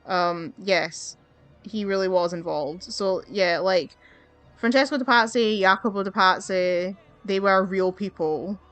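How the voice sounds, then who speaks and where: A woman's voice: medium pitch, a little slow, fairly bright tone, dry recording, faint music behind. Brief: young woman, let's play host, exasperated ranting commentary, dry close sound. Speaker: gaming channel host.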